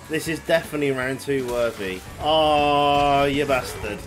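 A man giving excitable, swear-heavy let's play commentary, yelling at the game as he plays. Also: medium pitch, measured pace, few pauses. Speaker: gaming YouTuber. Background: game music.

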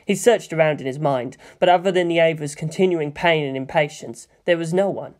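A man narrating a fan fiction story in a steady, measured reading. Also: on the high side. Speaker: fanfiction reader. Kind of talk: scripted narration.

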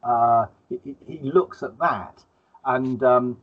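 A man in casual conversation, speaking haltingly and repeating words as he gathers his thoughts. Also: medium pitch. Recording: tinny phone-like line.

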